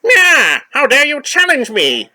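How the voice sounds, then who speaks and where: A man voicing a boastful, menacing skeleton villain from a comic in a high, shrill, nasal snarl. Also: wildly swooping pitch, a little slow, sharp tone, exaggerated voice. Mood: furious. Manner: theatrical, gloating.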